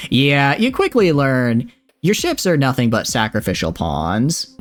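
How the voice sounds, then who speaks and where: A man's voice: medium pitch, very animated, normal speed, soft background music. A man with a Southern accent, chatting and joking while streaming a space game and reading its text aloud. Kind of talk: livestream gameplay commentary.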